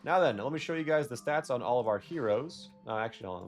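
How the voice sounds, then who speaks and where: A man's voice: medium pitch, expressive, fast talker, soft background music. A young man giving casual, rambling gameplay commentary, correcting himself and drifting into jokey rants. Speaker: gaming video creator.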